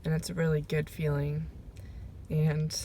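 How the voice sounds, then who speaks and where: A woman recording a personal video diary, talking reflectively and emotionally, pausing often with fillers as she goes. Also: low voice, monotone, warm tone, a little hiss or hum. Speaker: vlogger. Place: sitting in her car. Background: rain.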